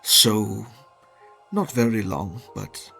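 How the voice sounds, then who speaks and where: A man voicing a calm old leader of freed prisoners, speaking slowly in a put-on accent. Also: on the low side, vocal fry, soft background music, exaggerated voice. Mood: measured. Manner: slow, measured speech in a put-on accent.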